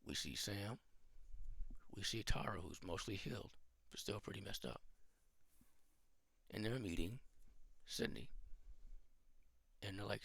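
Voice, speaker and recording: A man casually rambling through his own film pitch as a channel host, thinking aloud as he goes. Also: animated, a little slow, vocal fry, pauses often, a bit bright, breathy edge, no room sound.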